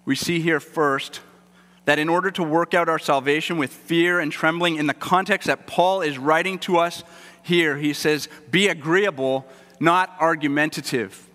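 A male pastor delivering a sermon in an earnest, conversational way. His voice is bright and forceful, with a fairly high pitch, and it carries a long reverb as in a large hall. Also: steady tone, moderate pace. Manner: earnest, conversational preaching with repeated words.

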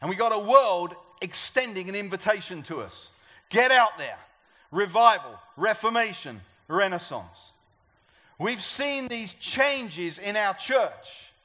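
A man's voice: high voice, animated, slow pace, sharp tone. A man preaching a sermon to a church gathering, talking conversationally and asking the congregation questions. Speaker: pastor.

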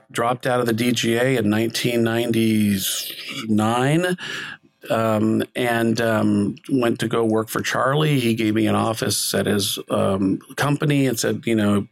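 A middle-aged man with a gravelly, creaky voice tells a film-set story in an interview. He rambles loosely, full of fillers and restarts. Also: on the low side, fairly even intonation, unhurried, no room sound, low-quality recording. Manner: rambling, with many fillers and self-corrections. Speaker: film director guest. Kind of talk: conversational storytelling.

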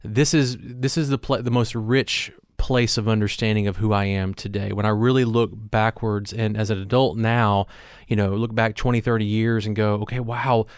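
A man's voice: fairly low pitch, fairly even intonation, normal speed, clean tone, no echo, studio quality. A man co-hosting a leadership podcast, talking in a thoughtful, earnest way with frequent fillers and restarts. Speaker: podcast co-host.

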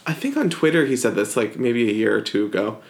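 A man co-hosting a podcast, chatting casually about books, rambling with lots of "like" and quick to laugh. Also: medium pitch, very animated, creaky. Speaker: podcast co-host. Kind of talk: casual book-club chat.

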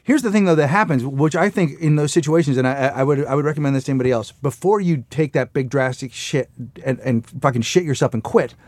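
A man's voice: mid-range voice, quick pace, darkish tone, no room sound. A man in casual chat, joking and swearing, often jumping in with comic bits. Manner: joking, profane, jumps in with bits.

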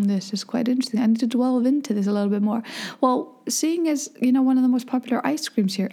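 Icelandic woman vlogger, middle-aged, mellow tone, chatty and candid. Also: on the high side, a little fast, gravelly. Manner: chatty, rambling, frank and jokey. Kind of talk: casual chat.

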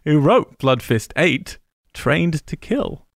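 Brief: gravelly London-accented male co-host who rattles off film credits casually. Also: a little high, sing-song, takes it slowly, no echo. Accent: British, London. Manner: rambling, reeling off film credits with dry laughs. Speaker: podcast co-host. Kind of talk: casual chat.

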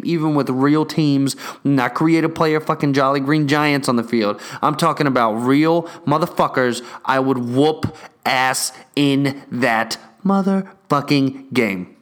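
A young man ranting casually about games and a delivery mix-up, swearing constantly and getting worked up as he rambles. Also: medium pitch. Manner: profane, excitable, restless storytelling.

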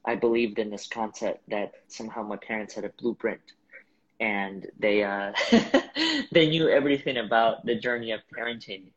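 A man hosting a podcast, reflecting in a halting, thoughtful way. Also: on the low side, animated, fairly bright tone. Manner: reflective, halting, with fillers and restarts. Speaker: podcast host. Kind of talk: casual podcast conversation. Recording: dull lo-fi sound.

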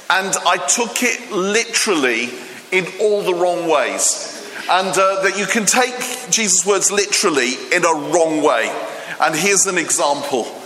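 Guy preaching, jokey and chatty, bright sharp voice, big echoey church hall. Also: high-pitched. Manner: chatty, joking, many fillers. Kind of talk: humorous sermon. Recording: echoey hall with long reverb.

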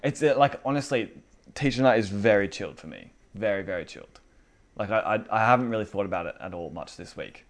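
A man's voice: fairly low pitch, fast. A man who leads a church teaching night, chatting casually about faith and acting out the people in his stories. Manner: animated storyteller who acts out quotes.

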